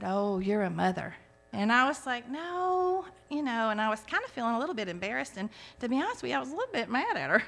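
A woman's voice: fairly high pitch, fairly bright tone. A woman in her forties giving a heartfelt personal faith testimony, telling her story earnestly with frequent restarts. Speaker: testimony speaker.

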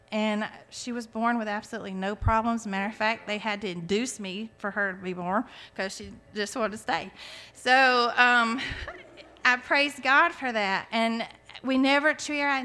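Her fairly high voice sounds pushed and bright as she earnestly tells her faith story. She is a woman in her forties giving a heartfelt testimony, and she keeps restarting her phrases.

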